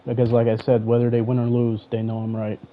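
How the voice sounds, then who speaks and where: A man's voice: mid-range voice, monotone, fast. Argumentative male gamer over a tinny line. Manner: argumentative, talks back at his online opponent. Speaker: gaming streamer. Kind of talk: live gameplay commentary. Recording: tinny phone-like sound.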